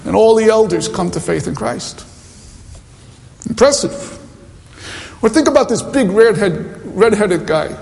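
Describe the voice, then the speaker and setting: A man preaches a sermon, moving between teaching and mission anecdotes with chatty asides. His voice sits high and carries a gravelly edge. The recording has the long reverb of a hall around him. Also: moderate pace, few pauses, darkish tone. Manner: anecdotal, conversational, many asides. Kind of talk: sermon with storytelling.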